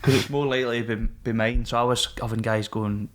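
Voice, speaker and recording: Scottish guy chatting on a podcast, swears a lot, laughs stuff off, mid-pitch voice. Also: steady tone, brisk. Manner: frank, swears often, laughs things off. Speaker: podcast guest, former Royal Marine. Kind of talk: casual storytelling.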